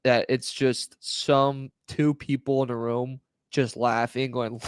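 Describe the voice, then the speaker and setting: A man's voice: mid-range voice, level tone, takes it slowly, clear, resonant tone, dry recording. A man co-hosting a podcast, teasing and laughing in casual chat. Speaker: podcast co-host.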